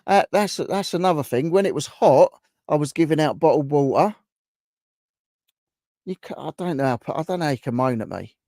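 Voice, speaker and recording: A man's voice: a little high, lively intonation, fairly quick, warm tone, dry recording, clean studio sound. A man hosting a live stream, chatting casually and reacting to viewers' guesses as he reads their comments aloud.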